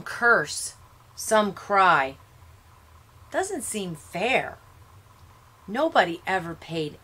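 A woman reads a novel aloud as a teacher, taking her time and leaving space between short phrases. Her voice is bright and forward. She breaks off now and then to explain the story to her listeners. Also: mid-range voice, extremely slow, long pauses, husky. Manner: expressive reading in short paced phrases. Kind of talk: read-aloud lesson with explanations.

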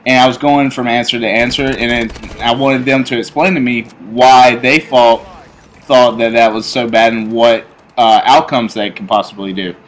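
A man in his twenties telling a personal story in a casual, rambling way, full of fillers and restarts, growing animated as he recounts it. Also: medium pitch, normal speed. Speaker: YouTuber telling stories. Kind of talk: casual storytelling over gameplay.

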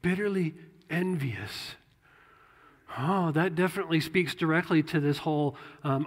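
A man's voice: fairly high pitch, measured pace, in a large hall. A man preaching a sermon as a pastor, talking conversationally and repeating phrases for emphasis. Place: church sanctuary.

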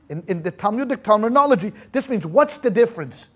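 A rabbi giving a history lecture as a lively storyteller, acting out quotes and dropping Yiddish words. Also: male voice, very high-pitched, quick pace, few pauses. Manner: animated storyteller acting out quotes, many restarts. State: sweating in a hot room.

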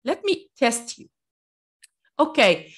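A woman, teaching an online English pronunciation class, animated and full of praise for her students. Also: a little high, slow, breathy edge.

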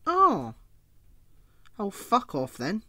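A man's voice: sits high, wildly swooping pitch, very slow, sharp tone, no echo, studio quality. A man co-hosting a podcast in casual chat, giggling a lot, swearing offhandedly and restarting his sentences. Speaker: podcast co-host.

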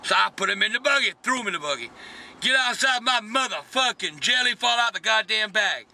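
An older man, ranting and cursing loudly from inside a car. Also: high-pitched, lively intonation, a little fast, vocal fry. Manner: angry, cursing, shouting. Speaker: vlog regular.

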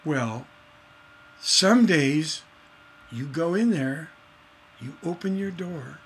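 A man teaching songwriting in a casual, animated way, acting out scenes as he talks. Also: a little high, drawn-out words, a little hiss or hum. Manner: animated storytelling, acts out voices. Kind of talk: casual instructional talk.

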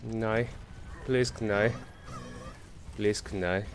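A man's voice: on the low side, fairly even intonation, slow, faint music behind. A tired man streaming a game live, muttering and complaining to himself as he plays. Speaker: gaming streamer. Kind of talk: live gameplay commentary.

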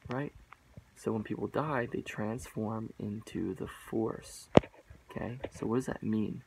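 A man's voice: lowish voice, a little slow, vocal fry, heavy background noise. A man giving a rambling, emphatic mock-sermon monologue, repeating himself and calling viewers guys and bro.

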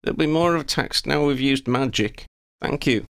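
A man's voice: medium pitch, normal speed, a bit bright, smooth, dry recording, studio quality, pitched above the performer's own voice, lightly acted. A man voicing a determined young woman who leads a group, speaking with urgency. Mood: sorrowful.

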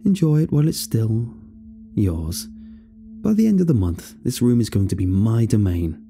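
A man's voice: low-pitched, wildly swooping pitch, fairly quick, gravelly, warm tone, faint music behind, pitched below the performer's own voice, full character voice. A man voicing an arrogant, smirking boyfriend who taunts children in a nasal, smug voice. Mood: smug taunting.

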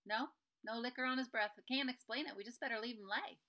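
A woman voicing a gruff old male country doctor of few words, with a plain folksy drawl. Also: a little high, fast talker, sharp tone, voice pushed up. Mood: blunt.

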